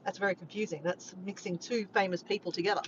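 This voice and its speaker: A woman's voice: medium pitch, fairly even intonation, fast talker, dull audio, a little hiss or hum. An Australian woman chatting casually with her viewers while driving, filmed on a phone. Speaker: vlogger. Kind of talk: casual chat to a live chat. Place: in a car. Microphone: phone camera.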